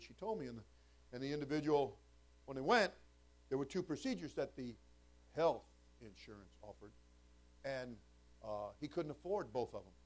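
A male pastor delivers a sermon in a somewhat high voice. He moves between soft, conversational asides and loud, rising, shouted preaching. The wide swings in loudness give it a revival feel. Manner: builds from quiet talk to shouted preaching.

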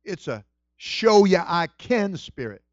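A middle-aged male pastor preaching a sermon with passion, moving between hushed storytelling and shouted exclamations. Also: high-pitched, sing-song, slow, no room sound, muffled recording. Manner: exclaims "whew" and "woo".

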